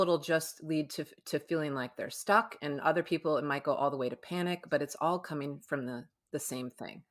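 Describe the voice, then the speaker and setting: A middle-aged woman counselor is a guest on a podcast. Her voice is low for a woman. She explains her ideas in a calm, reassuring, conversational way.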